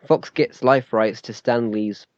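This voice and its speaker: A man's voice: mid-range voice, fairly even intonation, unhurried, dry recording, muffled recording. A man co-hosting a casual podcast chat, explaining things and correcting his co-host.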